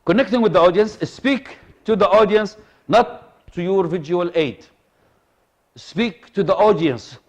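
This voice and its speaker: A man giving a lively classroom lecture, often repeating himself and asking the room whether they follow. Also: sits high, measured pace. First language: Arabic. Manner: animated, repeats himself, asks the audience for agreement.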